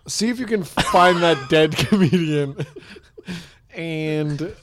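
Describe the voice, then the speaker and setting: A man's voice: a little high, takes it slowly. A man improvising a deferential ship officer who relays absurd orders and keeps breaking into giggles. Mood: harried. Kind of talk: improv comedy scene.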